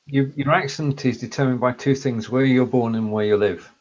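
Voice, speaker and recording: Co-host and historian, northern English man with a blended Lancashire-Cumbrian accent, measured and explanatory, slightly muffled sound. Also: mid-range voice, steady tone, background noise. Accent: mixed northern English, Lancashire and Cumbrian. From Lancashire and Cumbria, England. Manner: measured, explanatory, reads out viewer comments. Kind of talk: casual chat on a live video show.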